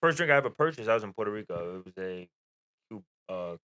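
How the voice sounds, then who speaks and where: Lively bright-voiced man, laid-back slang. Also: on the low side, fast, no room sound. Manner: laid-back, frequent "yeah, word" agreement, slangy. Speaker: podcast co-host. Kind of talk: casual chat.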